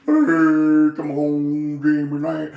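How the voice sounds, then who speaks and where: Guy doing a goofy old redneck dude, higher pitched, singsongy and mocking. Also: monotone, drawn-out words, creaky, darkish tone, dull audio, exaggerated voice. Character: goofy old male redneck, loud and teasing. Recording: echoey room.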